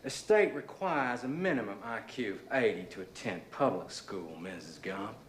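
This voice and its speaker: An actor playing a stiff school official who speaks in a formal, bureaucratic way. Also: male voice, lowish voice, animated, normal speed, slight background noise, close to an everyday voice. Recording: echoey film audio.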